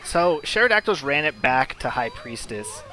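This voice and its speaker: A man commentating a puzzle game match in a loose, chatty way, with soft music playing behind him. He explains strategy in a relaxed flow, stopping for "like" and small restarts. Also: on the high side, moderate pace. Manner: chatty, explanatory, filler-heavy. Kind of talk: casual esports commentary.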